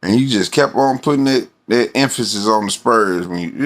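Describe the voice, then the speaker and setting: A man's voice: fairly low pitch, normal speed, hardly any pauses. A man ranting casually about his team, rambling and profane, with many fillers. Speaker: sports fan vlogger. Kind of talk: casual fan rant.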